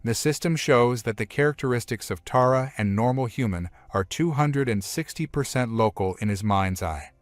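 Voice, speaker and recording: A man's voice: medium pitch, normal speed, hardly any pauses, no echo. Man narrating a comic recap, dry sound. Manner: plain retelling strung together with "and then".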